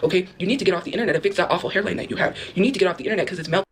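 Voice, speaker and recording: A woman's voice: fairly low pitch, racing, a little hiss or hum. A woman in a played clip rambling and mocking someone, repeating herself. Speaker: internet personality in a clip. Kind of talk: casual rant to camera.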